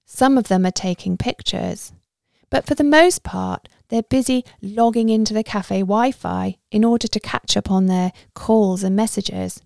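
A woman's voice: medium pitch, a little slow, creaky, a little mellow, no room sound, clean studio sound. A woman narrating a story in a conversational first-person way.

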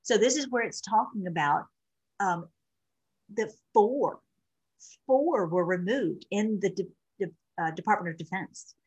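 A middle-aged woman hosting an online show reads posts aloud and rambles through offhand commentary, full of fillers and restarts. Her medium-pitched voice is husky and a little slow, she pauses often, and the audio is dull.

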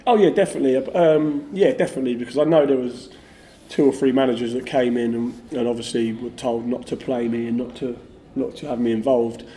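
A middle-aged man, a former footballer, telling stories in a casual, animated way with lots of fillers. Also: medium pitch, a little fast, few pauses, a little hiss or hum. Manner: animated, lively storyteller, many fillers like "like". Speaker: former footballer, podcast guest. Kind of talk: casual anecdotal storytelling.

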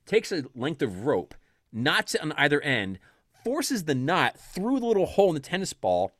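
A man's voice: fairly high pitch, huge pitch swings, moderate pace, a bit bright, no echo. A man casually telling a childhood story, laughing often and acting out the voices in quotes.

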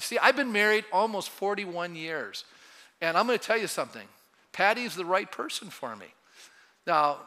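Bright high-voiced older pastor preaching. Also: male voice. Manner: conversational, teasing the congregation, building to fervent. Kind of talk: sermon. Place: church sanctuary. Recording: reverberant church hall.

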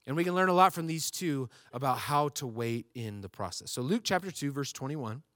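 A man's voice: mid-range voice, lively intonation, a little fast, fairly bright tone, dry recording. Storytelling male pastor, dry close sound. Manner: storytelling with comic voice impressions. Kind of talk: sermon.

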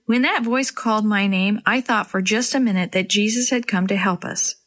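A woman's voice: mid-range voice, moderate pace, a bit bright, lightly acted. A woman voicing an earnest, trusting young boy in a storybook reading. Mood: thoughtful. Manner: eager, pleading.

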